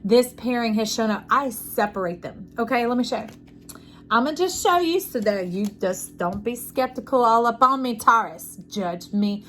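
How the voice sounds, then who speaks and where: A woman's voice: a little high, expressive, normal speed, a bit bright, faint music behind. A woman giving an intuitive tarot reading to camera, effusive and preachy, often checking in with the listener. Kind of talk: casual spiritual reading to camera.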